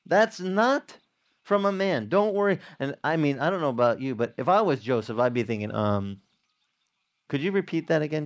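A man preaching a sermon in a casual, conversational way, acting out short dialogues. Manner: conversational, acts out little dialogues with jumps in pitch.

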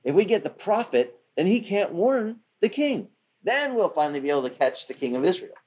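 A man's voice: high voice, very animated, fairly quick, a little mellow, slightly rough, voice pushed up, full character voice. A man voicing an angry ancient king who demands to know who betrayed him. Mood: scheming. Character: furious enemy king, male, demanding.

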